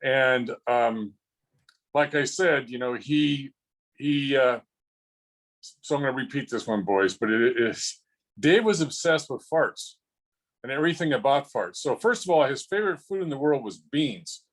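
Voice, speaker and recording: A man's voice: medium pitch, expressive, unhurried, poor audio. A man telling funny stories at a memorial over a video call, rambling and chuckling with frequent restarts. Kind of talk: casual storytelling.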